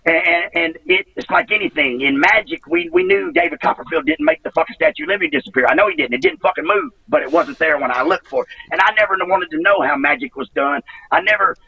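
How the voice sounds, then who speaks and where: A man's voice: on the high side, wildly swooping pitch, fast talker, gravelly, hardly any pauses, bright, forceful tone, breathy edge, no echo, recorded from a distance, muffled recording. A middle-aged man, telling rambling, profane wrestling stories as an interview guest. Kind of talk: casual storytelling interview.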